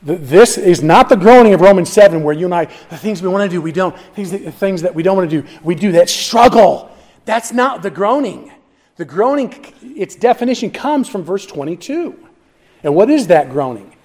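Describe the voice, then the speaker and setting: A middle-aged man preaching a sermon in a fairly high voice. He is emphatic and restless, dropping to near-whispers and then climbing loud, often restarting his phrases. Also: expressive, moderate pace. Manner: emphatic, swings from hushed to loud, frequent restarts. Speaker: pastor.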